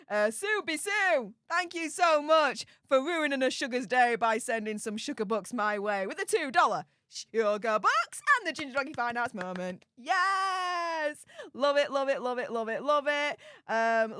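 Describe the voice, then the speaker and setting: A woman, reading and reacting to live chat, chatty and exclamatory, quick to laugh. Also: a little high, a bit bright, clear, resonant tone, dry recording, clean studio sound. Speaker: livestream commentator.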